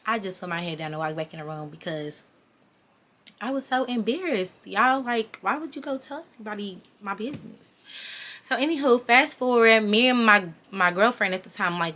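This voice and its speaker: A woman's voice: medium pitch, brisk, fairly bright tone. Chatty young woman telling a storytime. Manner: chatty, talks straight to viewers as "y'all". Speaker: vlogger. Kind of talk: casual storytime.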